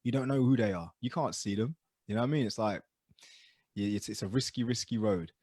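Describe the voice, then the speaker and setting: A man telling stories as co-host of a casual podcast chat, animated and dropping low and quiet for asides. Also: a little fast, no room sound, studio quality.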